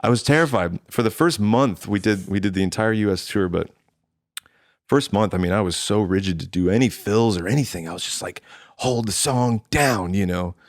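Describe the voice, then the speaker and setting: Casting note: low-voiced male drummer in his thirties, dry close sound, animated storytelling. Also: a little fast, dry recording. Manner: animated, quotes himself and others in lively voices. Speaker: drummer, interview guest. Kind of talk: casual storytelling chat.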